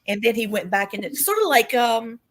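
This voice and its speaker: A woman's voice: fairly high pitch, a little fast. A woman co-hosting a paranormal podcast, telling stories in casual chat and laughing easily. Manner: animated storyteller, laughs often. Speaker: podcast co-host.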